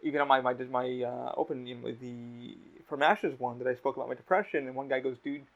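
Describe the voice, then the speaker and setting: A man's voice: medium pitch, fairly even intonation, a little fast, gravelly. A man hosting a podcast in casual chat, talking candidly and rambling, swearing a lot. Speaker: podcast host. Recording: dull lo-fi audio.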